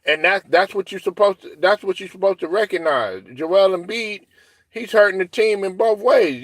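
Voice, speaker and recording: A man's voice: high-pitched, normal speed, dry recording. A man co-hosting a sports talk show, talking casually with lots of fillers and restarts, swearing and acting out other people's lines. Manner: animated, profane, full of fillers and restarts.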